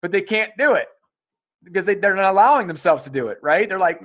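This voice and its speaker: A podcast host with a fairly high male voice chats in a loose, energetic way. He swears freely and jumps into acted-out quotes of other people. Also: fast talker. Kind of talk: casual conversation.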